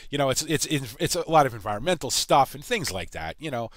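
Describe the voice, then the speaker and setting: A man's voice: mid-range voice, very animated, fairly bright tone, no room sound. Rambling American man narrating a farm game. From United States. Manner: halting, full of uh and you know. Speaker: gaming channel host. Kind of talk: rambling let's-play commentary.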